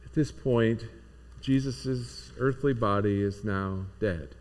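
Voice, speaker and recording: A man's voice: on the low side, slow, darkish tone. A man preaching a sermon as pastor, speaking in an earnest, reflective way.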